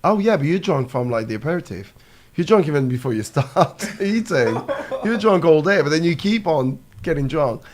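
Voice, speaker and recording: A man's voice: fairly high pitch, expressive, normal speed. A man from France with a French accent, chatting casually over drinks, laughing often and padding his talk with fillers. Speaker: guest.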